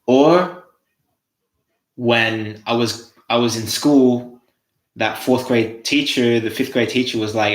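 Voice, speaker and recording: A man's voice: medium pitch, takes it slowly, reverberant. A young Australian man hosting a casual motivational monologue, swearing freely and restarting his phrases. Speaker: host.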